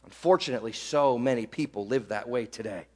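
A man's voice: medium pitch, brisk, long reverb tail. A man preaching an expository sermon, emphatic and full of rhetorical "right?" asides. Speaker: pastor.

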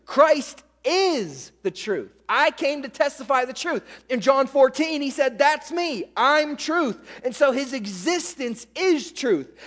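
A man preaching a sermon as pastor, fired up and emphatic, hammering repeated phrases. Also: very high voice. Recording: long hall reverb.

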